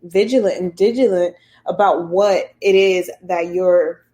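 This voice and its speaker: A woman's voice: on the low side, steady tone, measured pace, mellow. Woman, podcast co-host, casual chat, advice-giving, everyday comparisons.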